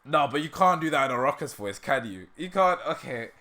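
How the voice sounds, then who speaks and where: A man talks casually to his livestream viewers and laughs often at himself. His voice is bright and mid-pitched, and his throat sounds dry. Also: animated, a little fast. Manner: laughs often, self-deprecating. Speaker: livestream host.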